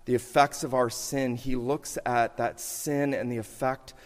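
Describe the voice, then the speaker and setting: A man preaching a sermon, moving between loud emphatic lines and hushed, slowed passages. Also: medium pitch, steady tone. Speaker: pastor. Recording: hall reverb, sermon in a church.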